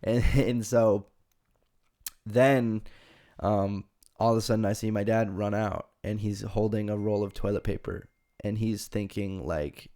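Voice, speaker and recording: A young man hosting a podcast, telling a funny story in a casual, animated way and laughing often. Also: lowish voice, unhurried. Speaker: podcast host.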